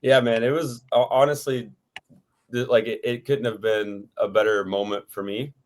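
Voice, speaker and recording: A man's voice: medium pitch, fairly even intonation, moderate pace. A man talking casually as a podcast guest, rambling with many fillers. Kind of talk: casual chat.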